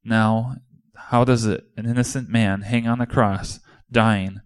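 Low-voiced man telling a passionate monologue. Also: steady tone, unhurried, clean tone. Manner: impassioned, indignant storytelling. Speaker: dramatic monologue performer. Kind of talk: first-person dramatic monologue as a disciple.

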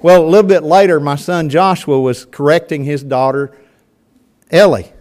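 An older man preaching a sermon to his congregation, telling folksy stories and swinging between loud and soft. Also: on the high side, fairly even intonation, moderate pace. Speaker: pastor. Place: church sanctuary before a congregation.

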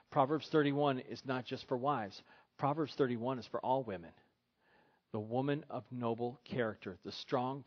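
Male pastor, middle-aged, delivering a sermon with humor, mid-pitched voice, muffled church recording. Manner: preaching with humor, putting on silly voices for a husband.

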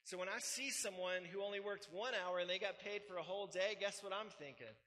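A man delivers a sermon as pastor, his high-pitched voice strikingly bright and sharp. He drives his points with emphatic repetition and slips into relaxed, conversational asides. The sound carries the long reverb of a large church hall. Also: a little fast.

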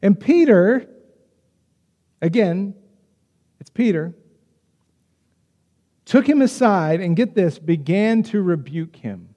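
A man delivers a sermon with a high, mellow voice. He preaches in a chatty, animated way and keeps slipping into quick acted asides. His voice rings through a hall with a long reverb. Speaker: pastor.

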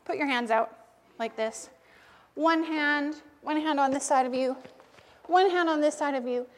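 A woman leading a children's sermon in church, asking the children lively questions and encouraging them. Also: high-pitched, unhurried, long pauses, in a large hall, slight background noise. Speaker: pastor leading a children's talk.

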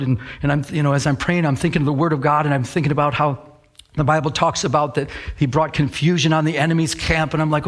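A middle-aged male pastor preaching a sermon. He tells stories with animated quoted voices and slows down when he reads scripture. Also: on the high side. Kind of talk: sermon with storytelling.

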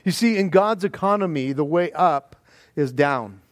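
A man with a notably high voice preaching an animated, conversational sermon. He stumbles into restarts and chuckles as he goes, and the sound is close and dry. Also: a little slow, no room sound. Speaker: pastor.

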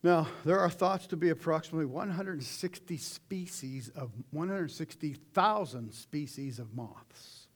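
A middle-aged man preaching a sermon in a folksy, animated way, with sudden shouted asides. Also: fairly high pitch, measured pace, hardly any pauses.

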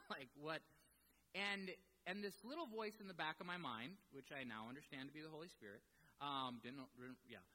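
A man preaching a sermon, telling a personal story with animated, self-deprecating asides before turning to teaching. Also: mid-range voice, fairly quick, a little hiss or hum. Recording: long hall reverb.

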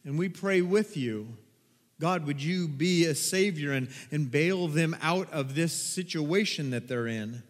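A high-voiced male pastor preaching in a church sanctuary, his words ringing with a long hall reverb. He delivers the sermon with lively energy and dramatizes the crowd's voices. The sound has the spacious tail of a big room. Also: measured pace. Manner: animated, acts out crowd voices with whoops.

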